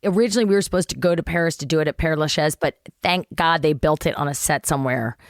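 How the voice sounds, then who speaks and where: A woman guest telling an animated, self-mocking story in casual chat, swearing freely. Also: deep voice, fast talker, dry recording, studio quality.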